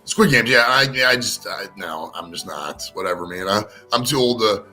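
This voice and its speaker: A man's voice: on the low side, expressive, normal speed, bright, forceful tone, soft background music. A man in a casual whisky chat, ranting crudely and animatedly, with lots of swearing.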